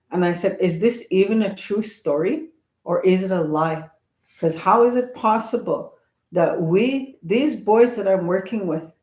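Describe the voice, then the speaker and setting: A woman, a traditional teacher, telling a personal story in an earnest, reflective way with pauses and hesitations. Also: lowish voice, a little mellow. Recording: roomy echo.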